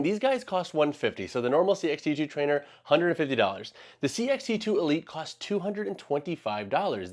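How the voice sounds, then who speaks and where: A man giving a casual, conversational shoe review, full of "like" and "all that to say". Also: a little high. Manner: lively and conversational, leans on "like" and "all that to say".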